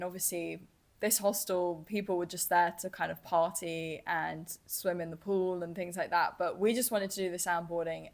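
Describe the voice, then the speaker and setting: A young woman hosting a podcast, telling a travel story in a lively, casual way, full of "like" and "kind of". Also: lowish voice. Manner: chatty, lively, filler-heavy with "like" and "kind of". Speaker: podcast host.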